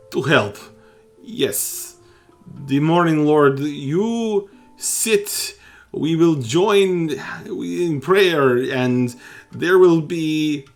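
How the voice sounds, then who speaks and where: A man voicing a desperate, grieving village priest who speaks hoarsely, close to sobbing, and keeps repeating himself. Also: fairly high pitch, voice pushed up, exaggerated voice. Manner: pleading, repeating himself, halting. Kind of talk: voicing a character in a tabletop game.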